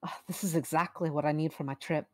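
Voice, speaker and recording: A woman playing a female traveler at a tavern, trying out a put-on accent and speaking a little haltingly. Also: deep voice, steady tone, voice pushed down, natural voice. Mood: content. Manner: tries on an accent, slightly halting. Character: traveling woman customer bound for an island convention.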